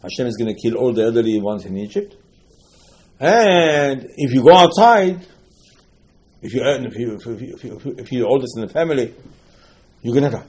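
Guy teaching torah, mellow voice, tells talmud stories, repeats himself a lot. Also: mid-range voice, fast. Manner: animated storyteller, repeats phrases, mixes Hebrew terms. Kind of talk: storytelling Torah class.

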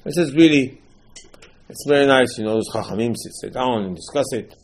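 A man gives an animated Passover sermon as a Torah teacher, full of rhetorical questions and repeated phrases. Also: medium pitch, brisk, slight background noise.

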